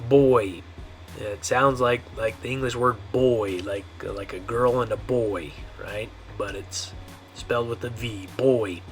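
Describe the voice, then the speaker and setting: A man's voice: on the low side, steady tone, faint music behind. Patient man teaching pronunciation. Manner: patient, repeats words slowly with frequent "okay". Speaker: Spanish teacher. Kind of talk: language lesson.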